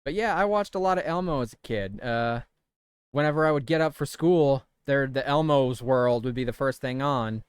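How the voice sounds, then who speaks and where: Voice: medium pitch, normal speed, smooth, no echo. A streamer in their thirties chatting casually and rambling while playing a video game. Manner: chatty, self-amused, rambling.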